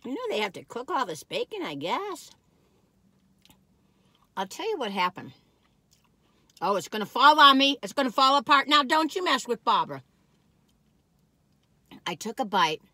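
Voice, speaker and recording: A woman's voice: fairly high pitch, big pitch swings, moderate pace, long pauses, bright, forceful tone, husky, dry recording. A woman vlogger chatting from inside a car, folksy and rambling as she reviews cookies. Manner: folksy and chatty, drifts off topic. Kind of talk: rambling casual chat. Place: parked car.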